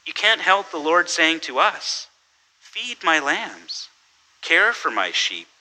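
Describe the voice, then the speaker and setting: Pastor guy giving a chatty sermon, really bright tense voice, keeps saying right?. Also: fairly high pitch, very animated, a little slow, poor audio. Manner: conversational, self-correcting, tells jokes with quoted voices; repeats words and asks "right?". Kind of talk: sermon with humorous story.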